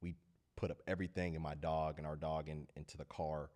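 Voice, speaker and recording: A man's voice: extremely low pitch, flat delivery, fairly quick, darkish tone. A man hosting a casual, heartfelt monologue, speaking earnestly and telling stories in a loose, rambling way. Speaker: host of a talk channel.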